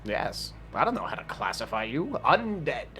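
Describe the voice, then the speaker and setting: A man's voice: medium pitch, wildly swooping pitch, moderate pace, pushed and bright, faint music behind. A man playing his character in a tabletop game, rambling with many fillers and frequent laughs. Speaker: player. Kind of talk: in-character tabletop role-play.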